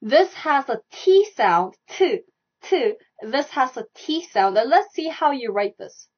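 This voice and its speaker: A woman's voice: high voice, sing-song, slow, husky. A young woman teaching a live online Korean lesson, repeating stroke directions and sounds over and over as she demonstrates. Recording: dull lo-fi live stream audio.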